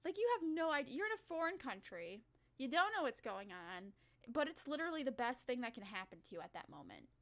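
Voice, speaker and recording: Excitable, foul-mouthed woman vlogger, high voice. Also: a little fast. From United States. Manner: excitable, profane, rambling. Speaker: Vtuber streamer. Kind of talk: casual reaction commentary.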